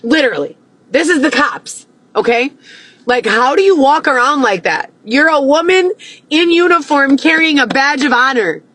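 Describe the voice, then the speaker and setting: A woman's voice: high-pitched, lively intonation, moderate pace, a bit bright, dry recording, low-quality recording. A young woman ranting to camera, agitated and heavy with profanity, repeating herself as she vents. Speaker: vlogger.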